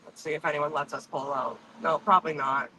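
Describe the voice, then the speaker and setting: A man's voice: fairly high pitch, steady tone, a little fast, bright, forceful tone, a little hiss or hum, low-quality recording. A man chatting casually to his stream viewers from his car on a phone. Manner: chatty, rambling, swears. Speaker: livestream host. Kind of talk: casual chat while driving.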